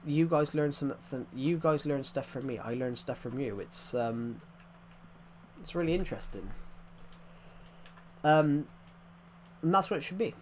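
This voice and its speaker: A man's voice: on the high side, slight background noise. A young man from England with an English accent, chatting casually while live-streaming a game, rambling, repeating himself and restarting his sentences.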